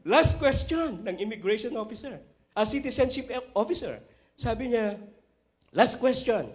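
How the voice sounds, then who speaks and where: A man from the Philippines with a Filipino accent, preaching a sermon and telling a joke as an animated storyteller who keeps asking his listeners "right?". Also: extremely high pitch, moderate pace.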